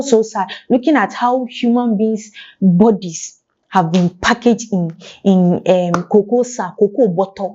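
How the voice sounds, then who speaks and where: A woman's voice: medium pitch, mellow, highs cut off. A young Ghanaian woman giving casual, emotional spoken commentary, often repeating phrases and sighing between fillers. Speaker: news commentator.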